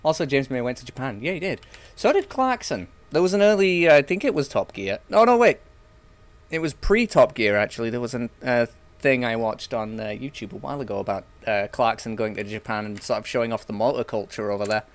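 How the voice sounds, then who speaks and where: A man's voice: mid-range voice, quick pace. A young man streaming a game, rambling and joking casually with some swearing. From England. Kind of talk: casual gameplay chat.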